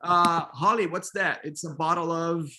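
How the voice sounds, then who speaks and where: A man's voice: fairly high pitch, steady tone, measured pace, pushed and bright. A middle-aged man leading an online pronunciation workshop over a video call, calling on students and repeating words back with frequent affirmations. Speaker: workshop instructor.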